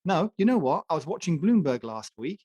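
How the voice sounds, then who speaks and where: A man's voice: a little high, very animated, brisk, dark tone, no room sound, dull audio. A man co-hosting a casual talk show, ranting emphatically and joking as he makes his case. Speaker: podcast co-host. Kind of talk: opinionated casual chat.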